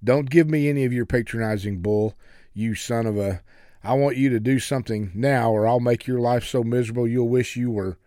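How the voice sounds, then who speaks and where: A man voicing a spoiled, furious young woman in a hospital bed, yelling insults in a raised, shrill voice. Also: steady tone, fairly quick, no echo, studio quality, lightly acted. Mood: enraged.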